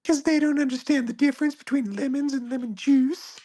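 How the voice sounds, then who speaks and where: A gamer doing a high, squeaky voice for a ditzy, confused young female character. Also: steady tone, a little fast, warm tone, natural voice. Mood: airy. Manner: airy, matter-of-fact nonsense.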